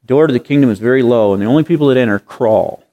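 A man's voice: mid-range voice, very fast, mellow. A man preaching a sermon in an earnest way, piling up rhetorical questions and repeating phrases for emphasis.

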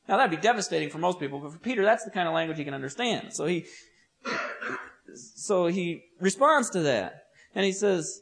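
High-voiced man preaching. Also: lively intonation, fairly quick. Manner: vivid, storytelling delivery with humorous asides. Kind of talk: expository sermon.

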